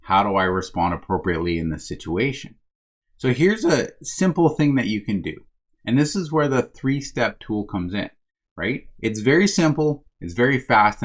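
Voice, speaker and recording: A man giving a motivational self-help talk as a coach for first responders, speaking conversationally, checking in with "right?" and calling his listeners "my friends". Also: mid-range voice.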